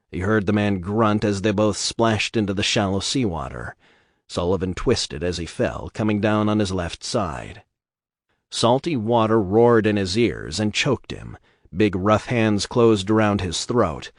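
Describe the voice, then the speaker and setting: A man reading a novel aloud in a steady, measured audiobook narration. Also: on the low side, no echo, clean studio sound.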